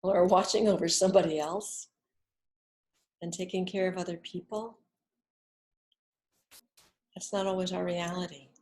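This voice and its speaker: A middle-aged woman leading a gentle guided relaxation lesson, speaking softly and soothingly, with whispered exhales between instructions. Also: lowish voice, fairly even intonation, unhurried, pauses often. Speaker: wellness instructor.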